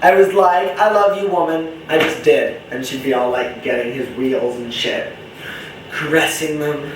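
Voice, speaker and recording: A man's voice: medium pitch, a little slow, distant mic, noisy background. A young man rambling in a casual vlog monologue, chatty, campy and profane, jumping between topics. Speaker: vlogger. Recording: roomy echo, voice from off-mic.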